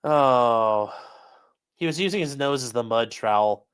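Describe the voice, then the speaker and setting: A man's voice: medium pitch, expressive, unhurried, a bit bright, clean tone. A man hosting his channel, mocking a court filing in profane, incredulous commentary and talking to his live chat. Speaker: channel host.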